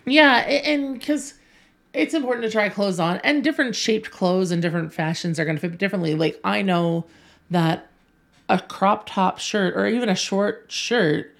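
A woman's voice: mid-range voice, moderate pace, gravelly. A woman co-hosting a podcast, chatting casually and telling stories with frequent laughs. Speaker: podcast co-host. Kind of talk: casual chat.

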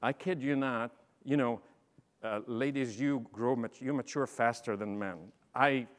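A man's voice: medium pitch, a little slow. A middle-aged man, telling humorous stories to an audience as a keynote speaker and acting out the dialogue. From Lebanon. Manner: animated, humorous, acts out dialogue. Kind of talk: storytelling talk to an audience. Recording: long reverb in a large hall.

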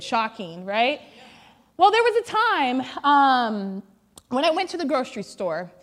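Speaking from the pulpit, this woman in her 30s has a high voice and tells funny family stories as a pastor's wife giving a sermon to her church congregation. Her manner is chatty and self-mocking, peppered with plenty of "like."

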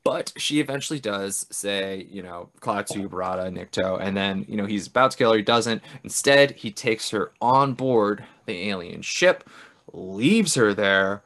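A man's voice: fairly low pitch, expressive, unhurried, a bit bright. A man casually recapping an old film on a podcast, loose and profane, often acting out the characters' lines. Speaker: podcast co-host.

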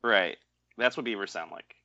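On a casual film podcast, a co-host with a fairly low, gravelly voice and a sharp tone speaks at a moderate pace, sarcastic and rambling and given to repeating himself. The recording comes across as dry, dull and lo-fi.

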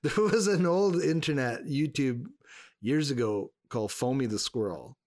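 A male podcast co-host in relaxed chat, laughing often and slipping into quoted voices. His voice sits at a middle pitch. The recording is dry and close. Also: moderate pace, dry recording. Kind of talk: casual chat.

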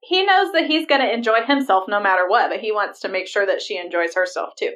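A woman's voice: medium pitch, fast, recorded from a distance. A woman co-hosting a podcast, chatting casually and giggling often. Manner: giggly, relaxed commentary. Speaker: podcast co-host. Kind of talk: casual chat.

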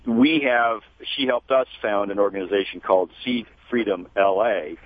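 A man talking as a guest in a radio interview, measured and spelling out web addresses slowly. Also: on the low side. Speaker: guest, gardening educator. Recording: tinny phone line.

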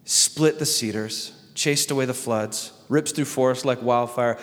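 A male pastor preaching a sermon, swinging between loud emphatic lines and soft hushed ones. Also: medium pitch, measured pace, few pauses, big-room sound.

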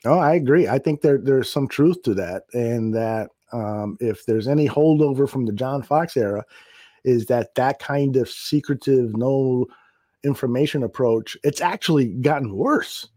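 A man's voice: mid-range voice, measured pace, mellow, no room sound, studio quality. A man co-hosting a casual sports podcast, swearing freely, exasperated and often laughing. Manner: profane, exasperated, laughs a lot. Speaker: podcast co-host.

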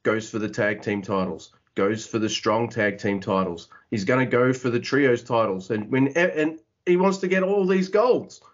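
Podcast dude ranting and swearing, mid-pitch voice, dull lo-fi sound. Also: male voice, normal speed, hardly any pauses. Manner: ranting, profane, self-mocking. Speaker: podcast host. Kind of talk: casual chat. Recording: muffled lo-fi podcast audio.

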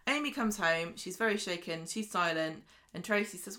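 A British woman co-hosting a podcast, briskly retelling soap episodes and acting out the characters' lines in casual chat. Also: on the low side, bright, forceful tone. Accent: British English. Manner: brisk storytelling recap, acting out quotes. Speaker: podcast co-host.

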